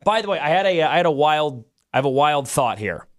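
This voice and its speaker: A man co-hosting a show, chatting excitedly and casually, with frequent restarts. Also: fairly high pitch, brisk. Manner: excitable, animated, restarts often. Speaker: radio show co-host. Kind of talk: casual chat.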